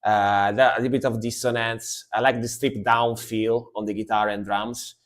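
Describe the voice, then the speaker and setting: A man's voice: lowish voice, level tone, normal speed. A man, chatting casually and rambling as he reacts to music on a live stream. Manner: chatty, rambling, lots of fillers.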